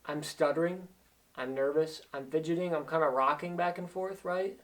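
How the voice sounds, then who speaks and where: Man, life coach, earnest motivational talk, repeats key points, fairly high voice, slightly distant from the mic. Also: moderate pace.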